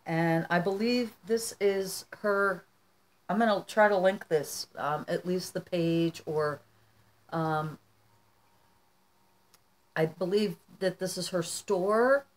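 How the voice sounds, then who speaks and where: Rambling, chatty woman vlogger, lowish voice. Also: slow pace, long pauses. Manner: chatty and rambling, often addressing viewers as "you guys". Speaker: artist vlogger. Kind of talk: casual vlog chat. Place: at home.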